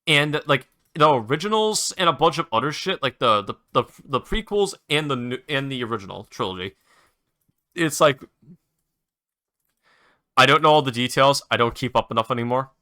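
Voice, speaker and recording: Young man, host, bright tense voice, exasperated rambling rant, casual gaming talk. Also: medium pitch, animated, normal speed, no room sound, clean studio sound. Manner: exasperated, rambling, heavy swearing. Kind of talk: casual ranting while gaming.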